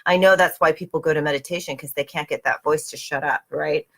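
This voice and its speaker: Lower-pitched woman leading a casual book club. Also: fairly even intonation, fast, vocal fry, fairly bright tone. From Southern California. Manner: conversational and upbeat, checks in with listeners. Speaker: host. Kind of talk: casual book club reading and guided meditation.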